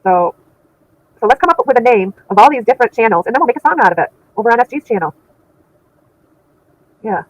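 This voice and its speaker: A middle-aged woman with a voice on the high side reads chat on her casual livestream, answering viewers with an indignant laugh. The high frequencies of the recording are cut off.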